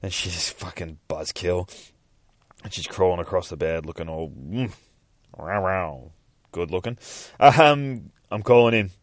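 A man's voice: low voice, unhurried, long pauses, dry recording, clean studio sound. A man hosting a podcast, casually walking through a comic book page by page, rambling, swearing freely and laughing along the way. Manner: rambling and profane, laughing often. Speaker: podcast host.

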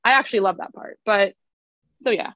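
A woman's voice: mid-range voice, a little fast, a bit bright, dry recording, dull audio. A young woman in her twenties, an elementary school teacher, chatting as a podcast guest with lots of "um" and "like". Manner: chatty, many fillers like "um" and "like". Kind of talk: casual podcast interview.

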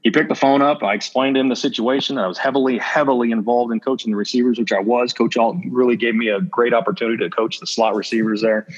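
Fast and with few pauses, a man's mid-range, steady voice carries his stories as a podcast guest. He's an assistant football coach speaking candidly in a casual interview, reenacting past conversations, recorded on dull lo-fi audio.

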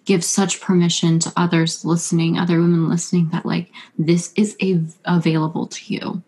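A woman's voice: lowish voice, level tone. A woman hosting a conversational podcast, speaking in an affirming and reflective way. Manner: warmly affirming, slow and reflective. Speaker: podcast host.

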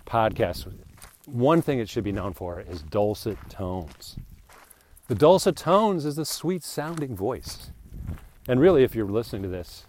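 A man's voice: medium pitch, a little mellow, a little hiss or hum. A man hosting a podcast, rambling in a joking, self-mocking way while walking outdoors. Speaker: podcast host. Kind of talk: casual rambling monologue. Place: outdoors, walking near a new bridge.

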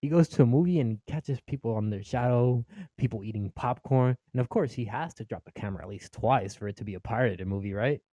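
A man's voice: mid-range voice, a little fast, warm tone, no room sound, muffled recording. A young Mexican-American man doing stand-up comedy, swearing freely, laughing at his own jokes and acting out his family.

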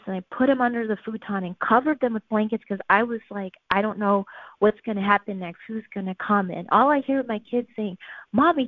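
A woman's voice: medium pitch, dry recording. Earnest woman telling her story, phone-thin. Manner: earnest, animated storytelling with acted-out quotes. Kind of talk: personal storytelling. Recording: tinny phone-like sound, dry.

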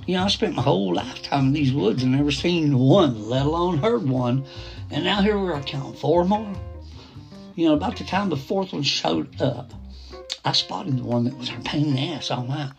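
Gravelly middle-aged man telling a story. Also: on the high side, expressive, normal speed. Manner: rambling, with restarts and asides; quoting others in a plain voice. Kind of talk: first-person story narration. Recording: soft guitar music behind.

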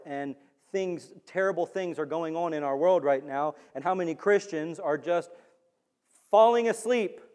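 An animated male preacher delivering a sermon, his voice pitched high and climbing to near-shouts when he drives a point home. The sound rings with the long reverb of a large hall.

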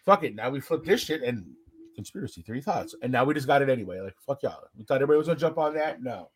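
An American man in casual chat, telling animated stories, acting out the people he quotes and swearing freely. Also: mid-range voice, very fast, husky. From United States.

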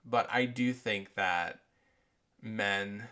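A man's voice: fairly low pitch, extremely slow, pushed and bright. A man hosting a podcast, talking in a rambling, profane way with many filler words, his voice affected by allergies. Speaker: podcast host. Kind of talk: casual monologue podcast.

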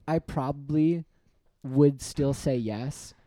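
A young man co-hosting a podcast, joking and talking in halting, restarting phrases. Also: mid-range voice, warm tone, no room sound. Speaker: podcast co-host. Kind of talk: casual chat.

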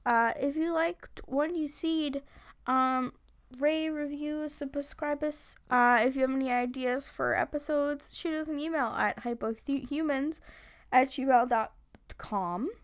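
Young Long Island woman, podcast co-host: high, gravelly voice, loose and swear-happy banter. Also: slow pace. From Long Island, New York. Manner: loose, joking, swears freely, many likes and ums. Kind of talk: casual chat.

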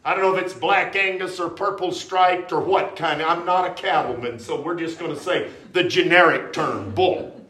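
A man preaching a revival sermon with emphasis and repetition, rising at times to sudden shouts. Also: a little high, normal speed. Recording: roomy church echo.

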